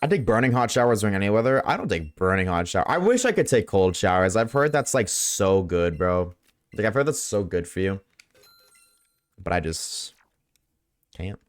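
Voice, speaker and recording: A man streaming a game live, chatting loosely with viewers at a desk mic, swearing often and swinging between a high put-on tone and his lower everyday voice. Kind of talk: casual live-stream chat while gaming. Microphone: desk microphone.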